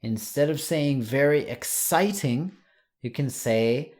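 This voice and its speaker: A man teaching an English lesson online, saying example words slowly and clearly. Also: mid-range voice, a little mellow.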